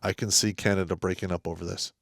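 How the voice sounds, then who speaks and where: A man's voice: low-pitched, little pitch movement, fast, gravelly, no echo, clean studio sound. A male co-host in casual political chat, blunt and profane.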